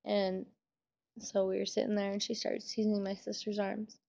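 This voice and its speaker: A young woman speaks in a flat, gravelly voice, close to tears as she talks casually to the camera and swears. The recording sounds dull and lo-fi, like a home webcam. Her delivery is loose and full of fillers. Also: mid-range voice, moderate pace. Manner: emotional, trying to hold back tears. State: tearful. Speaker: vlogger. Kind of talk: personal storytelling vlog.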